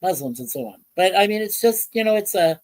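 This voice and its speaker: A woman hosts a casual livestream from home. She rambles in halting phrases full of fillers and greets chat viewers by name. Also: medium pitch, animated, a little mellow, low-quality recording. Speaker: livestream host. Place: home in Ontario, Canada.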